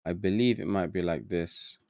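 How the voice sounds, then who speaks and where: A man's voice: deep voice, normal speed, creaky, darkish tone, dry recording, clean studio sound. A man streaming a game live, muttering to himself as he gets confused and chatting with his viewers. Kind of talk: live gameplay commentary.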